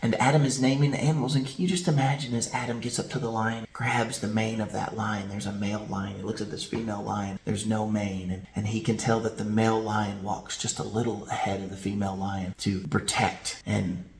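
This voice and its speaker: A man's voice: lowish voice, a little fast, hardly any pauses. A male pastor preaching a sermon, telling stories vividly and asking rhetorical questions. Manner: animated storytelling with rhetorical questions. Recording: roomy echo.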